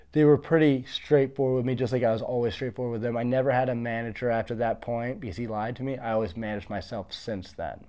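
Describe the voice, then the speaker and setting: A man's voice: mid-range voice, mellow, clean tone. A man in his early thirties, a former fighter being interviewed, telling his story in a blunt, confident, boastful way. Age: 30s.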